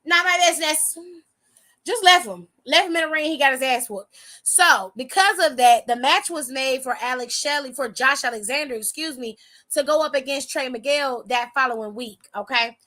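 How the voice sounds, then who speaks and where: Sassy high-voiced woman recapping wrestling. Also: normal speed, bright, forceful tone. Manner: sassy, profane, slangy. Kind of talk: casual show recap.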